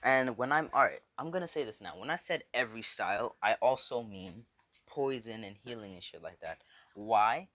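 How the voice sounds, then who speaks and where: Male fan storyteller: offhand, rambling, slightly low pitch. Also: animated, moderate pace, sharp tone, no echo. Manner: rambling, loose, swears, lots of "so yeah". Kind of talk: casual fan story narration.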